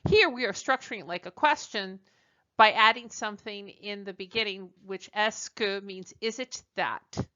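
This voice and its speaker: A woman's voice: mid-range voice, normal speed, bright, forceful tone. A woman teacher giving a language lesson, explaining step by step and translating each example. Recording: dull lo-fi recording.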